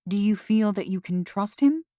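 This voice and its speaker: A woman voicing a worried, gentle mother who questions her daughter in a soft, coaxing way. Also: medium pitch, moderate pace, no room sound, clean studio sound, lightly acted.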